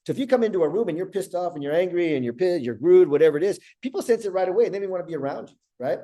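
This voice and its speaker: An earnest middle-aged man talks through a motivational coaching session, stumbling over and repeating words and asking "right?" as he goes. His voice sits a little high for a man, with a warm, mellow tone. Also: lively intonation, very fast. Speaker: life coach.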